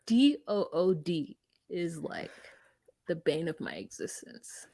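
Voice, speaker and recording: A woman's voice: fairly low pitch, slow, vocal fry, dry recording. Chatty woman recapping a show. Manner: chatty, animated retelling with quoted voices. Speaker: podcast co-host recapping a reality show. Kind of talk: casual chat.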